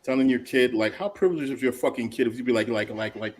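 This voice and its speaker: A man giving animated, profane commentary as a panelist in a casual chat. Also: mid-range voice, quick pace, a little hiss or hum, poor audio. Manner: animated and profane, with repeated restarts.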